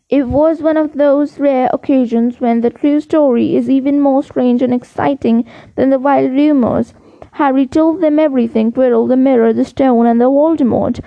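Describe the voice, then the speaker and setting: A woman narrating a children's fantasy audiobook, reading slowly and carefully with small slips. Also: high voice, fairly even intonation, creaky, no echo, dull audio. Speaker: audiobook reader.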